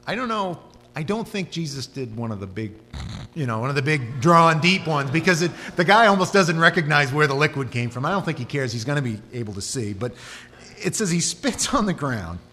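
A man preaching a sermon, telling the story with animated, conversational storytelling that rises and drops. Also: a little high, a little fast. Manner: animated storytelling, voice rising and dropping. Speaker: pastor. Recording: hall reverb with faint hum.

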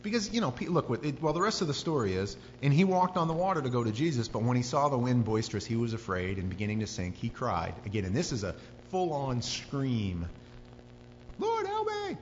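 A man preaching a sermon, telling the story with lively acted-out voices and screams. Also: medium pitch, quick pace. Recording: dull lo-fi sound with long hall reverb and faint hum.

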